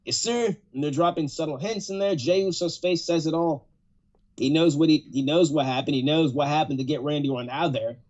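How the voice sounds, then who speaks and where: A man's voice: fairly high pitch, a little fast, darkish tone. A man hosting a podcast in casual chat, laid-back and laughing easily. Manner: laid-back, laughing, "yes sir" affirmations. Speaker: podcast host. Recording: dull lo-fi.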